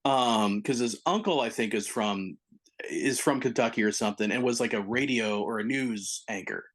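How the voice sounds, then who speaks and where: A man's voice: on the low side, moderate pace. A man on a casual film podcast who talks in an enthusiastic, rambling way, hedging as he goes. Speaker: podcast co-host.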